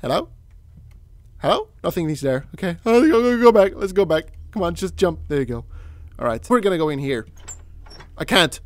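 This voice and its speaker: Jumpy gamer man with a lively voice. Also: a little high, moderate pace, long pauses, no echo. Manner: jumpy, swears, shouts at the game character. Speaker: gameplay commentator. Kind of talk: casual let's play commentary.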